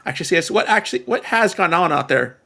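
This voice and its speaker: Scared little boy who stammers , voiced by a male game master; gravelly edge, a bit higher voice. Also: expressive, bright, forceful tone, full character voice. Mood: shaken. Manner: halting, stammering. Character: frightened young boy, an orphaned child. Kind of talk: tabletop role-play character voice.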